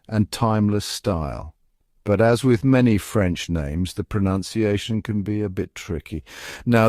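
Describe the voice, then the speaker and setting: A man giving scripted, upbeat narration as a pronunciation guide, coaxing the listener and slowing down to spell out each word. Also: on the low side, darkish tone, dry recording, studio quality.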